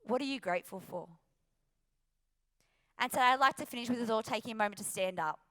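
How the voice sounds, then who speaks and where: Bright, high-voiced Australian woman speaker. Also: fast. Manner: earnest, emphatic, rhetorical questions. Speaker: motivational speaker. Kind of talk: motivational talk.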